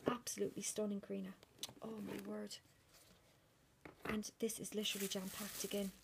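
A woman, gushing over handmade gifts in a casual unboxing vlog and often dropping into a hushed whisper. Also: mid-range voice, level tone, moderate pace, gravelly, background noise. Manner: repeats delighted exclamations. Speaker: crafter unboxing a swap gift.

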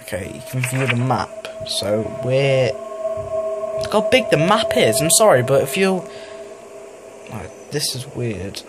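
A man's voice: mid-range voice, sing-song, takes it slowly, long pauses, over loud music. A young man casually commentating a horror game at home, rambling and hesitant, laughing when he gets scared. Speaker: gaming YouTuber. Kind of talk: casual let's play commentary. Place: home room, family noise downstairs.

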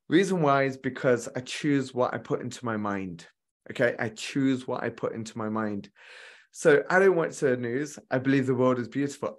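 A man coaching viewers on relationships in an earnest, motivational way. He speaks at an ordinary middle pitch and often repeats his key lines to drive the point home.

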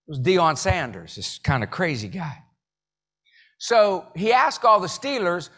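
A male motivational speaker delivers a live keynote, telling jokey stories and leading the audience in call-and-response with sudden loud bursts. His voice is high-pitched and very animated, and he speaks a little slowly.

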